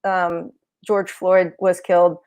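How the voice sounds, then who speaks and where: A woman's voice: on the low side, flat delivery, slow pace, darkish tone, smooth. Thoughtful woman podcast co-host. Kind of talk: casual conversation.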